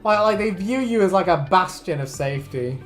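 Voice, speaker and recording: A woman's voice: on the low side, lively intonation, a little fast, faint music behind. A young woman from England, chatting in a laid-back, sweary way on a stream. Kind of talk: casual chat.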